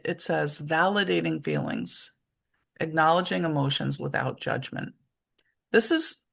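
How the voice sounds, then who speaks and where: Low gravelly-voiced woman presenting a webinar. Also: a bit bright. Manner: conversational, explains points through everyday examples. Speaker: webinar presenter for parents and teachers.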